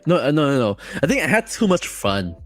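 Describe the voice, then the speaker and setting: A man as a podcast guest telling a story casually, rambling and excited, with many fillers and restarts. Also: a little high, brisk, music in the background.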